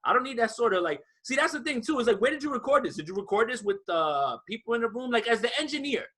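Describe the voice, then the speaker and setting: A man with a high, forceful voice rants through a casual podcast chat. He swears freely and keeps the energy up. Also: quick pace. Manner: animated, profane, ranting. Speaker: podcast co-host.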